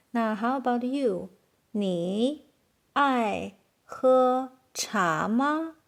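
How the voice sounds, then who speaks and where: Very slow-speaking woman teaching beginners. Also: on the high side. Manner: slow, deliberate modeling of words for learners. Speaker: Chinese teacher. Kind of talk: beginner language lesson.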